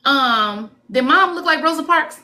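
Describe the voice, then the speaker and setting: A woman working as a psychic medium on a live stream, pausing and searching for words as she relays messages, then jumping up in pitch when quoting. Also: expressive, sharp tone. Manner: halting, searching for words, coaxing; relays messages with swoops up into quoted speech. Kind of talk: live-stream spirit reading.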